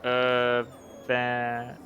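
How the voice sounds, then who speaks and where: A man's voice: mid-range voice, completely flat delivery, extremely slow, fairly bright tone, highs cut off, slight background noise. A man playing a tabletop game, speaking hesitantly in character with stumbles. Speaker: player.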